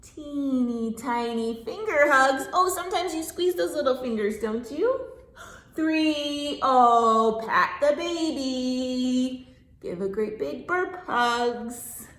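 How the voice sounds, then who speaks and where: A woman leading a children's storytime in a library classroom, reading aloud and singing in an animated, sing-song way with gasps of delight. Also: sits high, slow pace. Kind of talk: children's storytime with songs and signing. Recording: echoey room.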